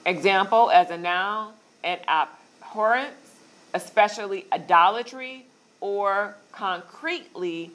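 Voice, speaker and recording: Leading a Bible study, a woman with a medium-pitched voice walks her listeners through steps shown on screen, keeping things casual and chatty with plenty of filler words.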